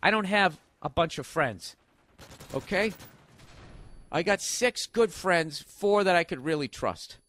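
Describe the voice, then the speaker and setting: Comic in his forties, ranting and swearing, voice sitting a touch high. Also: expressive, slow, fairly bright tone. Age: 40s. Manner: profane, ranting, exasperated. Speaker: comedian. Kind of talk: comedic storytelling monologue.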